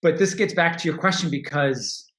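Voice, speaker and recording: A man's voice: on the high side, normal speed, a bit bright, echoey room. A man speaking as a podcast guest, talking candidly and reflectively about his own life, often restarting and laughing. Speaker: podcast guest, money coach. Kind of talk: casual interview talk.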